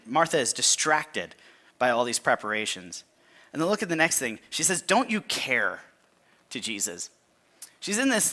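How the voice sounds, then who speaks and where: A man preaching a sermon in a relaxed, conversational way, often restarting phrases and asking listeners to underline and circle words in the passage. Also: mid-range voice. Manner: conversational, halting restarts, asks listeners to mark the text. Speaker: pastor.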